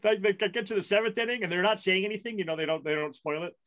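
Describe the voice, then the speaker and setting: Middle-aged man, fairly high voice, casual podcast chat, rambling storyteller, self-deprecating, lots of restarts. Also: very fast, fairly bright tone. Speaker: podcast co-host.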